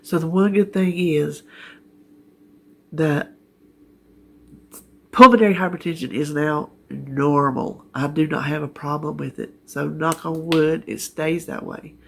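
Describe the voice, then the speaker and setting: A woman's voice: sits low, a little slow, vocal fry, long pauses, slightly rough. A middle-aged woman with a Southern US accent, chatting casually in her living room in a rambling, homespun way on a health update vlog. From North Carolina, US. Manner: rambling, homespun, laughs easily. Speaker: vlogger. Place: living room at home, sitting in her chair.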